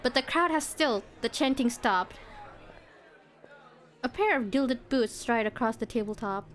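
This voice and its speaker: A young woman streamer reading a visual novel aloud, expressive, with giggly asides to her co-player. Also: on the high side, unhurried. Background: game music.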